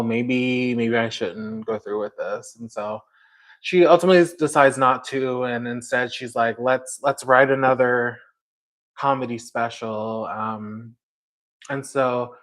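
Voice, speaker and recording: A man chatting on a casual livestream, taking his time as he meanders through a recap. His speech is loose and full of fillers, and he keeps turning aside to address a viewer in chat. His voice sits at an ordinary middle pitch for a man. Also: a bit bright. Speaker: livestream host.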